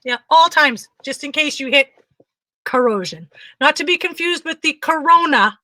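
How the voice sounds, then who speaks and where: A woman co-hosting a talk show, telling a funny story in a casual, animated way and acting out what others said. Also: high-pitched, moderate pace, no echo. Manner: animated, frequent laughter, acts out quotes. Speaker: podcast co-host.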